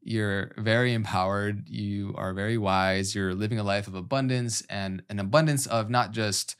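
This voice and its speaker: A man's voice: fairly low pitch, fairly even intonation, normal speed, clean tone. A man hosting a podcast, asking long, rambling questions in a casual way. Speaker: podcast host.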